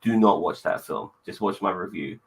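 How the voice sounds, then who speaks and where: A man hosting a casual online chat show, blunt and quick to swear, with cheery sign-offs. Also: deep voice, rough recording. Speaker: podcast host.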